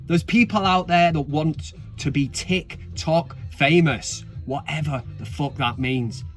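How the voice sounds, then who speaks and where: Mancunian man in his 30s, football vlog host, high voice, sweary and sarcastic delivery. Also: slow pace, soft background music. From Manchester, England. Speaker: football fan vlogger. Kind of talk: casual ranting commentary.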